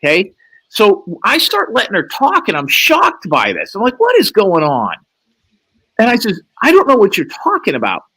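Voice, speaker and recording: A man with a fairly high, very lively voice, telling a long story as a guest on a live stream. He swears freely and throws his voice up high when he acts out what other people said. His speech swings widely in pitch from line to line. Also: normal speed, husky, rough recording. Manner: profane, acts out quoted lines in a raised voice. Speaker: livestream guest. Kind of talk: animated storytelling.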